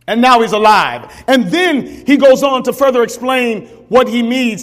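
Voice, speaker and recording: Preacher man, high voice swinging all over, big echoey church hall behind him. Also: expressive, normal speed. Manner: preaching with rising, shouted emphasis and repeated calls to the congregation. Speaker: pastor. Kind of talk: sermon. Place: church sanctuary. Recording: long reverb of a large church hall.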